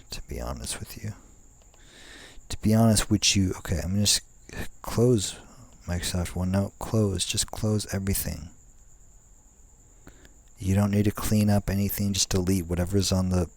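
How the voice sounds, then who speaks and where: A man's voice: sits low, no echo. A young man rambling casually outdoors at night, with many fillers and restarts, swearing now and then. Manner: meandering, frequent fillers and restarts; laid-back, swears casually. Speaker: vlogger.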